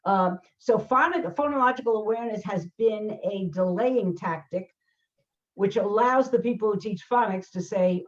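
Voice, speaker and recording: A woman's voice: medium pitch, moderate pace. An older woman, a learning specialist hosting a conversation, explaining emphatically with many fillers and restarts. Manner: emphatic, acts out quoted voices, frequent fillers and restarts. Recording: dull lo-fi sound.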